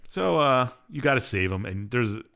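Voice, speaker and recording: A man's voice: medium pitch, expressive, moderate pace, vocal fry, fairly bright tone. A young man co-hosting a podcast, casually recapping a game's story in a rambling, offhand and sarcastic way. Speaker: podcast co-host. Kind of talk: casual chat.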